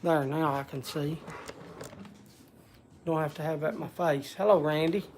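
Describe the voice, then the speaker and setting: Gravelly-voiced man, casual livestream host, chatty and easygoing, greets viewers by name. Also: a little high, fairly even intonation, normal speed, a little mellow, slight background noise. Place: log cabin in the woods.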